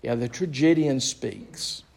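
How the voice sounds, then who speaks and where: Pastor, male, gravelly voice, reads a book aloud and acts out the quotes a little, then talks it through plainly. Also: mid-range voice, takes it slowly, a little mellow. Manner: reads quoted lines in a theatrical voice, then explains in plain talk. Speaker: pastor leading a book study. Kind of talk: reading aloud and commenting in a book study.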